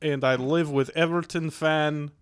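Man doing a bragging Russian comrade in a put-on accent, broken grammar, dry close sound, slightly high voice. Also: fairly even intonation, a little slow, smooth, no room sound, close to an everyday voice. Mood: deadpan. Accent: fake Russian accent. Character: comical Russian man, boastful and nostalgic. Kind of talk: comedic improvised character bit.

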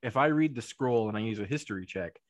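A man's voice: lowish voice, animated, fast talker. A man playing a tabletop game, rambling and joking with many fillers. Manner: rambling, jokey, many likes. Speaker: player. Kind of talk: casual chat at a game table.

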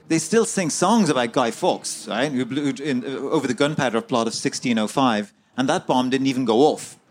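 A man's voice: medium pitch, a little hiss or hum. A man being interviewed as an author, recounting events in a fluent, conversational way with frequent fillers and restarts, recorded at a festival. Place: outdoor festival.

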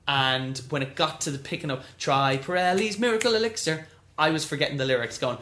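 Animated man in a roomy space. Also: a little high, a little fast, few pauses. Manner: animated, acts out quoted voices. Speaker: guest. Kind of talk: storytelling interview.

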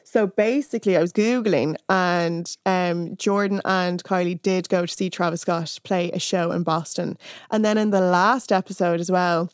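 A young woman talking on a podcast, telling a story with lively asides and acting out the lines of the people she quotes. Her voice sits in the middle of the range for a woman. The sound is dry and close, with no room around it. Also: medium pitch, moderate pace, clean tone, no room sound. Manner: animated recapping, acting out quoted lines, many fillers. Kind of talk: casual podcast chat.

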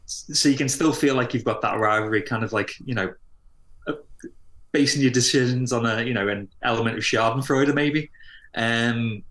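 A man's voice: medium pitch, normal speed, fairly bright tone. A man co-hosting a podcast, wry and teasing in casual chat. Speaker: podcast co-host. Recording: roomy echo.

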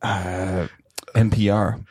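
A man on a casual podcast, tossing out quick, crude quips. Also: on the low side, flat delivery, darkish tone, husky. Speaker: podcast co-host. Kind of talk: casual chat.

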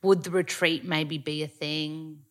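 An Australian woman hosting a podcast, chatting casually and telling stories in an animated way. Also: sits low, measured pace. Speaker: podcast host. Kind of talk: casual interview chat.

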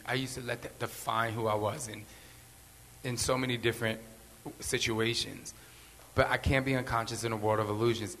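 A man's voice: mid-range voice, fairly bright tone, slight background noise. Earnest rambling man in a reverberant hall. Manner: earnest, rambling, repeats phrases for emphasis. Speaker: podcast host. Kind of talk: candid motivational talk.

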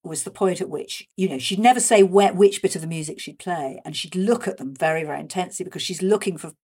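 A woman speaking as an interview guest, chatty and animated, with many fillers and restarts. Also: lowish voice, fast, breathy edge. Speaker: guest discussing a radio show's history. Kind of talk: conversational interview.

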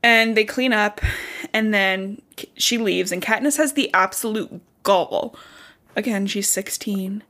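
A young woman talks through a book chapter in loose, casual podcast chat. Her voice sits in a middle pitch, and she fills her sentences with "like" and the occasional curse, acting out the characters' lines as she goes. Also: unhurried, a bit bright. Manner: chatty, frequent "like", swears casually, acts out characters' lines. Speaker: podcast co-host.

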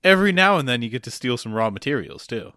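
A man co-hosting a podcast, chatting casually with laid-back, deadpan jokes. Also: medium pitch, fast talker, no echo, clean studio sound. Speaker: podcast co-host. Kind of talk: casual chat.

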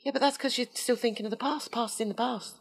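A woman's voice: fairly high pitch, steady tone, fast. A middle-aged woman, co-hosting a casual podcast chat, teasing and laughing often. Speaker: podcast co-host.

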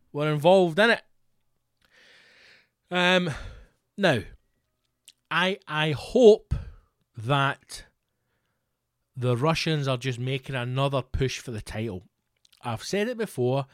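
A man's voice: a little high, dry recording, clean studio sound. A Scottish man hosting a podcast, ranting sarcastically, swearing freely and reading news reports aloud. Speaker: podcast host.

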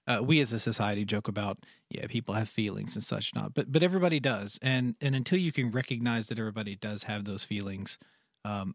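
A man at a middle pitch co-hosting a podcast, joking loosely and stopping his partner to check that he understands. The sound is close and dry. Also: no echo. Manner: joking, asks clarifying questions. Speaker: podcast co-host. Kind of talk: casual chat.

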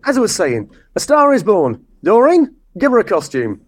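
A man's voice: high voice, wildly swooping pitch, moderate pace, exaggerated voice. An actor playing a brusque, dismissive man directing a pantomime.

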